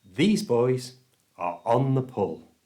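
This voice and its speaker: A man's voice: mid-range voice, sing-song, slow pace, dark tone. A man with a British accent teaching English pronunciation in a scripted lesson, stressing each sound with care. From United Kingdom. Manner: careful, clear pronunciation coaching.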